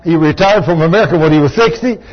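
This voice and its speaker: A man's voice: a little high, fast talker. A pastor in his sixties preaching a sermon, telling folksy, joking stories about his marriage. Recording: dull lo-fi recording.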